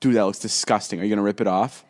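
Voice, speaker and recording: A young man co-hosting a podcast, telling a story in casual chat, acting out quotes in a higher voice with lots of fillers and restarts. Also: fairly even intonation, very fast, a little mellow. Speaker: podcast co-host.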